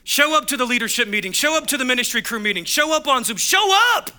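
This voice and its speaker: A man's voice: very high voice, animated, quick pace, bright, forceful tone, clean tone. A man preaching a sermon as pastor, driving home points with punchy repeated phrases and acting out the voices in his stories.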